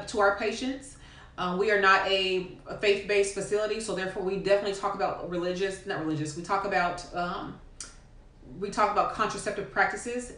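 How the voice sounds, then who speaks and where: A woman nurse talks through patient teaching in a frank, unscripted way, pausing on ums and restarting her sentences. Her voice sits a bit low for a woman. The sound carries a noticeable room echo. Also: fairly bright tone. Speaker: postpartum nurse educator. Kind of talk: casual spoken teaching to camera. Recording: echoey room.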